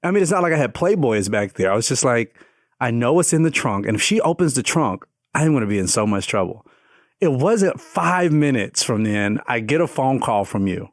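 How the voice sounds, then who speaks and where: A man's voice: mid-range voice, very animated, normal speed, no room sound, studio quality. Een man die als co-host van een podcast ontspannen praat, grapt en tussendoor reageert. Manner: joking, laid-back interjections. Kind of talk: casual banter.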